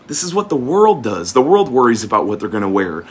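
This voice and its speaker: A man's voice: medium pitch, sing-song, brisk, slightly rough. A man preaching casually, reading old-fashioned scripture and then explaining it in plain, folksy talk, often repeating words as he goes. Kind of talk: informal scripture teaching.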